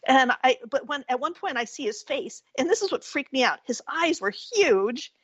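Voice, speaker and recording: A woman guest on a talk radio show, telling a story in a casual, animated way. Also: sits high, moderate pace, breathy edge, no room sound. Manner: animated storyteller who acts out quotes and laughs often. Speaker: guest folklorist and author. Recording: dull lo-fi radio-call sound.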